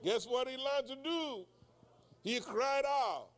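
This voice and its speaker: A man in his sixties preaches a sermon in a very high-pitched, expressive voice at a slow pace. He puts questions to the congregation for them to answer and cries out in prayer.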